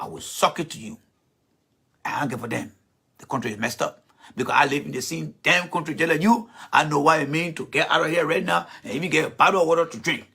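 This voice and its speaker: Man, heated profane rant, bright tone, husky edge. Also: fairly high pitch. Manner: blunt, profane, confrontational. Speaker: political commentator host.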